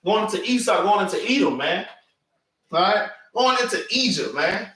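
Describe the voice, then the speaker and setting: Animated preaching man, bright and echoey. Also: high-pitched, moderate pace. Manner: animated, street-casual, keeps saying "man". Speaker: class teacher. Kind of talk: informal preaching class. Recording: echoey room, mic far off.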